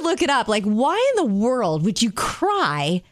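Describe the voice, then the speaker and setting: A woman's voice: on the high side, no echo. Chatty woman co-host, dry close sound. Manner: animated storytelling, quick asides. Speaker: radio show co-host. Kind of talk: casual chat.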